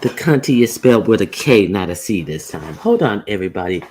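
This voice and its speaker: A woman's voice: very deep voice, animated, a little fast, warm tone, slight background noise. A woman hosting a casual livestream, greeting viewers by name and talking bluntly with plenty of profanity. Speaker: livestream host.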